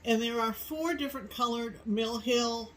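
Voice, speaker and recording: A middle-aged woman from New England co-hosting a casual chat, rambling slowly with many ums. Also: a little high, low-quality recording. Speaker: co-host.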